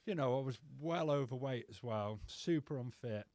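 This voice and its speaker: A man's voice: medium pitch, normal speed, darkish tone, dry recording. A man telling rambling, sweary personal stories as a podcast guest. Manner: rambling, sweary, says "mate" constantly. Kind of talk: casual storytelling.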